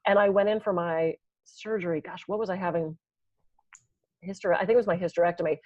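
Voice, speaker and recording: A woman's voice: lowish voice, fairly even intonation, fairly quick, darkish tone, no echo, lo-fi sound. A woman co-hosting a podcast, telling sarcastic jokey stories in casual chat. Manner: joking, sarcastic storyteller. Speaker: podcast co-host.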